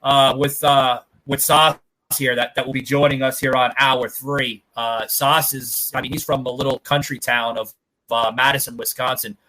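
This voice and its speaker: A man's voice: medium pitch, sharp tone, poor audio. A man hosting a casual podcast, rambling with lots of fillers and casual swearing. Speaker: podcast host.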